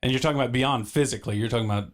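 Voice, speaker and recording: A man hosting a live stream, calm and easygoing, steering the conversation and reading the chat. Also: mid-range voice, rapid-fire. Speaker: stream host.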